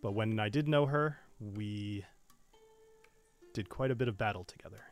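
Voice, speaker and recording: A man voicing a secretive female dragon in human form, calm and guarded in a tabletop game. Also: lowish voice, moderate pace, faint music behind, pitched below the performer's own voice, close to an everyday voice. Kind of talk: tabletop game role-play.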